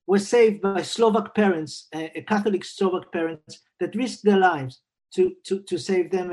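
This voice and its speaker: A psychiatrist and Jungian analyst in his sixties thoughtfully recounts a personal family story at an unhurried pace, often repeating words as he speaks. His voice is high-pitched with a dark tone.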